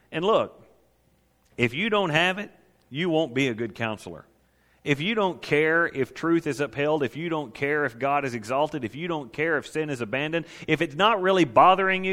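A man's voice: a little high, animated, normal speed, fairly bright tone. A man preaching a sermon on counseling, emphatic and repeating his key phrases for weight. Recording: long reverb of a large hall.

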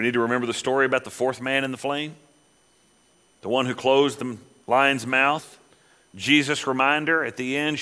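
A middle-aged man preaching a sermon, rising loud when he quotes scripture and dropping to quiet asides. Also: medium pitch, fairly even intonation, normal speed. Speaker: pastor.

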